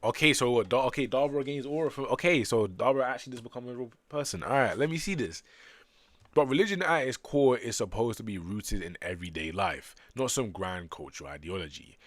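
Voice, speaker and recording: A man's voice: mid-range voice, lively intonation, dry recording. A man on a casual stream reading comic panels aloud and reacting to them as he goes. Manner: reads panels aloud with quick reactive commentary.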